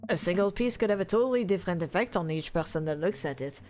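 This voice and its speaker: A woman streamer playing a game live, reading its dialogue aloud and commenting with animated laughter, loud outbursts and swearing. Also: on the low side, fast talker.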